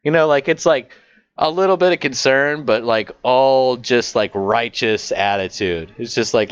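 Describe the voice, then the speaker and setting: A man's voice: mid-range voice, unhurried, clean tone. A man co-hosting a podcast, mocking and swearing in a casual chat. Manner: mocking, laughing, profane. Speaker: podcast co-host. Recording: slightly dull lo-fi audio.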